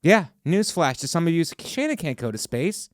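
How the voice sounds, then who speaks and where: A man's voice: a little high, big pitch swings, moderate pace, no echo, clean studio sound. A man in his forties hosting a podcast alone, ranting sarcastically and building to mock outrage. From Ohio. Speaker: podcast host. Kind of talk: solo comedic rant. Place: podcast studio.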